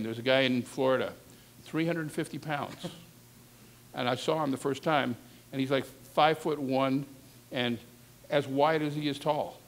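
A man coaching a class on reporting, speaking candidly and conversationally in a classroom session. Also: medium pitch. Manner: candid, conversational, frank asides. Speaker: talent coach. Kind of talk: instructive classroom talk.

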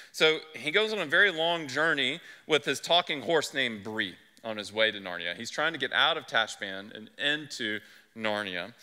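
A male pastor preaches in an earnest, conversational way, his voice very bright and sharp. He talks at a middling pitch for a man. A long reverb from the church sanctuary trails behind his words. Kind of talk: sermon.

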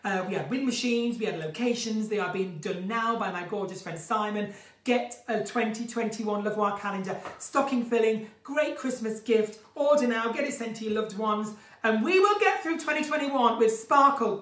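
A woman with a croaky voice hosts an unscripted live stream from her countryside home. She is chatty and gushing as she reads out viewers' comments. The phone sits a little way from her, so her voice comes through roomy and distant. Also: a little high. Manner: chatty, gushing, flamboyant, breaks into song.

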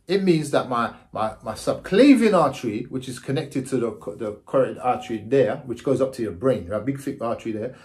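A man in his forties tells his story straight to camera in a loose, chatty way, his pitch leaping up and down. He sits in the middle range for a man and keeps asking whether you follow him. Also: fairly quick, hardly any pauses. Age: 40s. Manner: animated, jumps into high exclaiming voices; repeats words and checks in with the listener. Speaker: vlogger.

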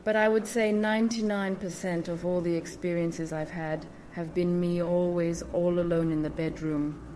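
A woman's voice: fairly low pitch, level tone, moderate pace, few pauses, mellow, a little hiss or hum. A woman hosting a spiritual channel, explaining things in a casual monologue with emphatic repetition and awkward phrasing.

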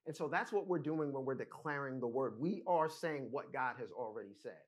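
A man's voice: mid-range voice, animated, fairly quick. A man preaching a teaching sermon, explaining scripture step by step and often checking in with "right?" and "amen?". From United States. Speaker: pastor.

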